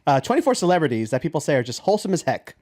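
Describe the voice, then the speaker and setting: A man's voice: on the high side, very fast. A man co-hosting a movie podcast, an easygoing storyteller who tells anecdotes in a casual chat. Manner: easygoing storyteller with lively impressions. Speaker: podcast co-host.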